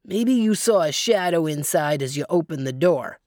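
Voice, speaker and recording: A woman's voice: deep voice, lively intonation, normal speed, darkish tone, no room sound. A practical male trapper farmer, plain and matter-of-fact, as a woman storyteller voices him. The reading is close and dry.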